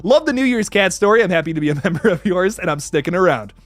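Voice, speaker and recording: A man's voice: sits high, animated, fast talker, dry recording. A young man hosting a casual livestream who reads out viewer messages, laughs often, stumbles over his words and swears casually. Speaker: livestream host. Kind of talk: casual live chat reading viewer messages.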